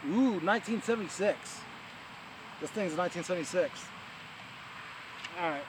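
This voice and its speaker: A man's voice: high-pitched, animated, normal speed. A man with a New York accent giving a casual, rambling spoken review outdoors, with many fillers and restarts, talking over distant heavy machinery. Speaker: vlogger. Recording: outdoor recording with loud machinery noise. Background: distant heavy machinery and traffic.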